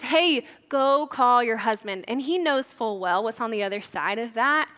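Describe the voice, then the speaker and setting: A young woman giving a sermon in a relaxed, chatty way, often saying "like". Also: on the high side. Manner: casual, chatty, says "like" often. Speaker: church leader preaching. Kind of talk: conversational sermon.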